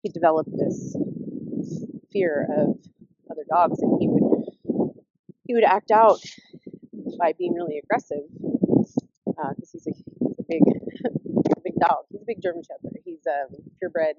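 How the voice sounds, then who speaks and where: A woman vlogging casually while out walking her dog, rambling and chatty with laughs, and cooing at the dog in a high baby-talk voice. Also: sing-song, a little slow, vocal fry, pauses often, warm tone, dry recording, muffled recording. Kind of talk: casual vlog chat.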